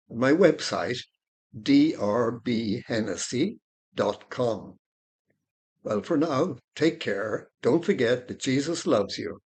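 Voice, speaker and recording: A man hosting a faith podcast, gently prompting his guest with questions and closing the show with a blessing. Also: mid-range voice. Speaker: podcast host. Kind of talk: interview and sign-off.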